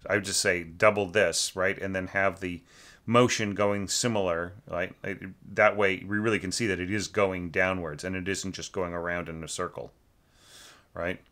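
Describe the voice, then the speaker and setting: A man's voice: low-pitched, steady tone, normal speed, fairly bright tone. A man giving a rambling spoken critique of a student's orchestral score, often asking "right?" and singing the parts aloud. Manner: rambling, fillers, sings motifs aloud. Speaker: orchestration teacher giving feedback.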